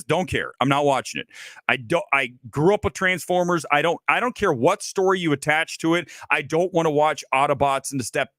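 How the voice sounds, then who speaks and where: A man's voice: fairly high pitch, fairly bright tone, dry recording, studio quality. A man hosting a casual film talk show, ranting bluntly and sarcastically, swearing freely. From Los Angeles area resident. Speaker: host.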